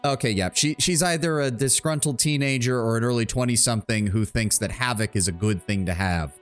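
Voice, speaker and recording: A man's voice: medium pitch, fairly quick. Man, streamer, sardonic, swears a lot, casual, faint music. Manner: profane, sardonic. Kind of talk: casual gameplay commentary and reading.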